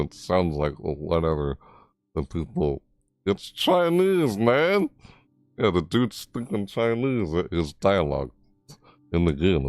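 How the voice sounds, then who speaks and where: Low-pitched man, gaming vlogger, rambling and easily amazed, lively swings, dry close sound. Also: no echo. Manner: voice jumps high in surprise. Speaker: gaming YouTuber. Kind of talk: casual game commentary.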